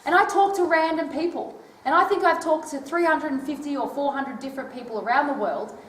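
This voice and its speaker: A woman's voice: high-pitched, brisk, a little hiss or hum. A woman giving a casual talk to a live audience, chatty and often checking in with "right?". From Australia. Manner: chatty, peppers sentences with tag questions like "right?". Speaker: touring public speaker. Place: old library hall, indoors. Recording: echoey hall, voice from far off.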